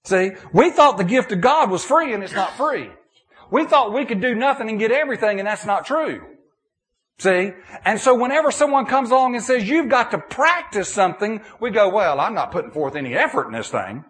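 Middle-aged male preacher, high voice that swings widely, folksy sermon delivery. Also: moderate pace. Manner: animated, folksy, many restarts and "okay?" checks. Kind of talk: sermon with audience questions.

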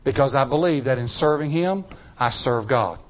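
A man's voice: mid-range voice, moderate pace. A middle-aged man preaching a story-filled sermon, acting out quotes in shifting voices.

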